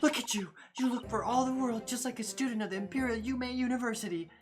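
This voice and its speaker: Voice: mid-range voice, quick pace, voice pushed up, natural voice. A player voicing a young woman defendant who works as a lab assistant, talking in a prim, formal way. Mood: shocked. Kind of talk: fan voice reading of a game.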